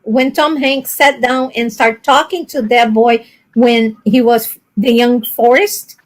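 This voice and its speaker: A woman from Brazil with a Brazilian accent, telling lively stories in a casual livestream chat; English is not her first language. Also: fairly high pitch, slow pace. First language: Portuguese. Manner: animated storyteller, laughing often.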